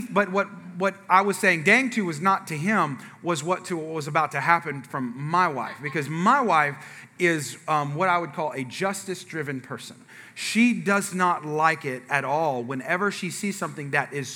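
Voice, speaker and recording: Preaching in a large hall, this pastor has a somewhat high voice. He livens up a comical story from his own life for the congregation, performing people's quotes and asking the audience questions.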